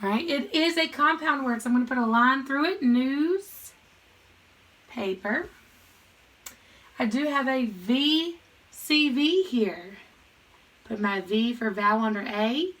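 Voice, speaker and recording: Bright-voiced woman teaching phonics slowly. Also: a little high, lively intonation, low-quality recording. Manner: slow, patient, sounds out words; thinks aloud while writing on a board. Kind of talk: recorded classroom lesson.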